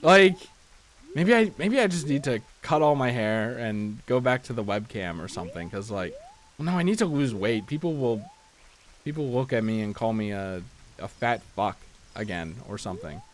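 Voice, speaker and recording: A let's play host chats casually at a normal speed while gaming, his medium-pitched voice swinging widely in pitch. He rambles, pokes fun at himself, and often restarts sentences as he thinks out loud.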